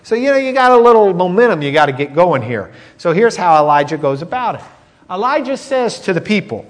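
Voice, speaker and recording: A man teaching a sermon, telling a Bible story with animated acted-out quotes. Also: high voice, a little fast.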